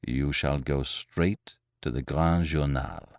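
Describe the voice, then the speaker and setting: A man's voice: deep voice, very animated, unhurried, no room sound, studio quality, heavily acted. A man voicing a proud, wrathful master thief who mutters threats through his teeth in an audiobook reading. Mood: menacing. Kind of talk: audiobook character voice.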